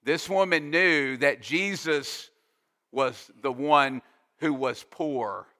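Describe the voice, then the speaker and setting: Pastor, male, slow, emphatic sermon delivery, slightly high voice, bright tone, long hall reverb. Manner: slow, emphatic preaching with explanatory asides. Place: church sanctuary.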